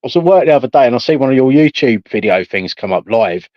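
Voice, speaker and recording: Middle-aged male panel regular, rapid blunt banter, dry, dull lo-fi audio. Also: mid-range voice, animated, dry recording. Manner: blunt banter with frequent swearing. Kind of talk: casual chat on a live stream.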